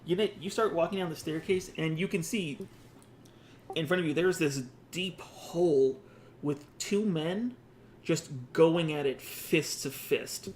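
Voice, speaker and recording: Guy running a tabletop rpg, kinda high voice, describes stuff and goes on little tangents. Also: unhurried, a little mellow, slight background noise. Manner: descriptive, with asides and restarts. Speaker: game master. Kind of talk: narrating a tabletop game.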